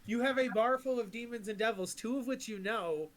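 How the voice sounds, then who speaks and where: A man's voice: very high voice, fairly quick. A man running a tabletop game as game master, laid-back and often laughing as he explains the rules.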